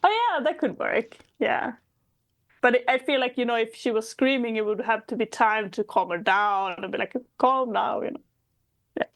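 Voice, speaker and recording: A woman's voice: on the high side, steady tone, normal speed, no room sound. A woman from Sweden chatting thoughtfully as a podcast co-host, laughing often. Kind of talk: casual chat.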